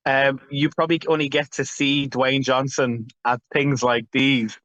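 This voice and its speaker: A man conducts a press interview in a chatty, effusive way, full of exclamations. His pitch is middling. The recording is dull and muffled, with a dry, close sound. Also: little pitch movement, a little slow, a bit bright, no room sound. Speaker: entertainment interviewer.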